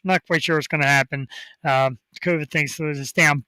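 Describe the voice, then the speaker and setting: A male talk show host hyping up upcoming guests in a rambling, excitable way. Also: a little high, brisk, dry recording, rough recording. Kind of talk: casual talk show chat.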